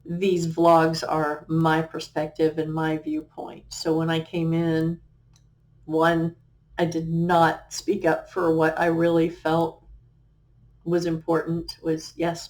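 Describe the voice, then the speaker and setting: A middle-aged woman, a life coach, sharing her personal story on a talk show in an earnest, halting way, with many fillers and restarts. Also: low-pitched, a little mellow. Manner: quotes remembered conversations.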